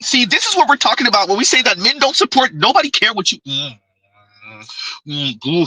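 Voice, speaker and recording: A man's voice: high voice, very animated, a little fast, bright, forceful tone, slightly rough, dry recording, rough recording. A man hosting a livestream with reaction commentary, talking in a mocking, sarcastic way. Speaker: streamer.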